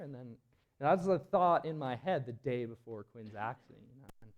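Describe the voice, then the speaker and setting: A man's voice: mid-range voice, lively intonation, a little fast, lo-fi sound. A man who is a search and rescue team member, telling a story during a live presentation in an auditorium in a casual, rambling way full of fillers and restarts. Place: auditorium at a public event.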